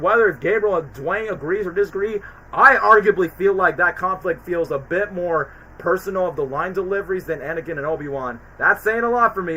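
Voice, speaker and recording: A man streaming a casual film ranking, talking in an excitable, rambling way with many fillers. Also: fairly high pitch, slight background noise, low-quality recording. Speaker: streamer reviewing films. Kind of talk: casual chat.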